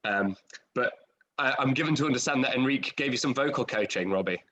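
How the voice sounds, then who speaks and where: A man's voice: mid-range voice, fast, sharp tone. Chatty man hosting a video-call panel. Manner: chatty, self-deprecating, many fillers. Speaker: host and director. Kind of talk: casual post-show panel chat.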